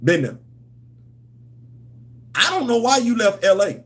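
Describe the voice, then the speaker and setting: High-voiced man in loose streamer chat. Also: lively intonation, fairly quick, a bit bright. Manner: loose, repetitive, playful banter with slang. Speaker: host of a comics and culture channel. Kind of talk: casual livestream chat.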